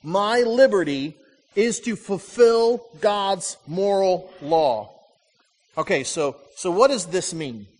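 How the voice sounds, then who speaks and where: A middle-aged man preaching a sermon as a pastor, telling stories with lively ups and downs and driving home short repeated lines. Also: sits high, slow, big-room sound. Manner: animated storytelling with punchy repeated lines.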